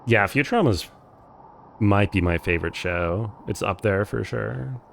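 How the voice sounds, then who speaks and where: A man's voice: fairly low pitch, a little slow, vocal fry, slight background noise. A young man with a Californian accent streaming a game, chatting casually and saying "like" a lot. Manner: chatty, relaxed, lots of "like". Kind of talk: casual live-stream chat.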